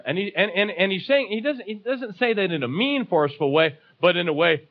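A man's voice: high voice, expressive, fairly quick, few pauses, lo-fi sound. A man preaching a sermon, emphatic, repeating key phrases and calling for responses from the congregation.

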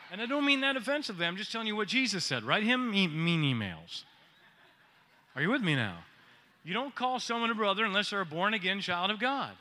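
There's a little hiss or hum behind this man's high-sitting voice. He's a pastor in the middle of a playful, energetic sermon, quizzing and joking with the people in the pews.

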